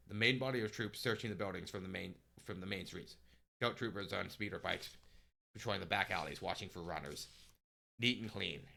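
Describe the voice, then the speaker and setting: Low-voiced man narrating a story. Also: creaky. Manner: steady narration with small restarts. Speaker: streamer reading a story aloud. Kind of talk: live-streamed story narration.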